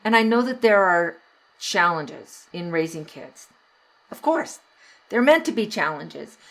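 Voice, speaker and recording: Woman podcast host, middle-aged, low-pitched, chatty parenting advice with frequent laughs. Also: lively intonation, unhurried, fairly bright tone. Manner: conversational, laughs often, acts out parent and child lines.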